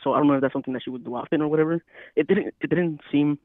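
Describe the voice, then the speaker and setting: A man's voice: a little high, racing, dry recording, phone-quality sound. A man co-hosting a podcast in casual chat, laid-back, often checking that he has explained himself right. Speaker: podcast co-host.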